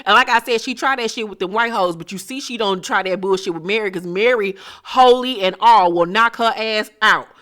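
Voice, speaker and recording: A woman's voice: medium pitch, fairly quick, hardly any pauses, a bit bright. A woman giving a brash, sarcastic, swear-filled recap of a reality show episode.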